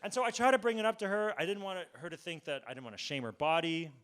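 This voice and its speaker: A male stand-up comedian talking casually on a comedy club stage with deadpan asides. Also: sits high, quick pace.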